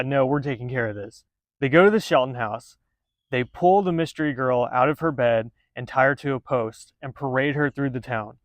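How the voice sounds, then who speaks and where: A man's voice: mid-range voice, no echo. A man casually narrating a local legend, chatty and sarcastic, with frequent swearing. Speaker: storyteller.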